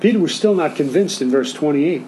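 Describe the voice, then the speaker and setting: A man's voice: a little high, animated, brisk, mellow, a little hiss or hum, rough recording. A man preaching a sermon as pastor, talking conversationally and asking the congregation questions.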